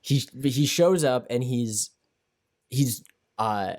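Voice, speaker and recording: Young male podcast co-host, mid-pitched, animated and emphatic; long riffs. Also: takes it slowly. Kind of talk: casual podcast chat.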